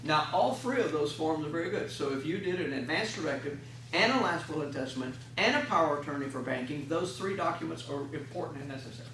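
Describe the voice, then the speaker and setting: A folksy man lectures a class on chaplaincy, slipping into little acted scenes of patients and families. His voice sits a touch high for a man. It echoes around a classroom, picked up from some distance with faint room ambience behind. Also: expressive, fast talker, fairly bright tone, a little hiss or hum. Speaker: hospital chaplain instructor.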